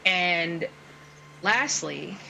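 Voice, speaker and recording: A woman narrating a tabletop game as game master, unhurried, with many fillers and restarts. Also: lowish voice, animated, vocal fry, sharp tone, a little hiss or hum, rough recording.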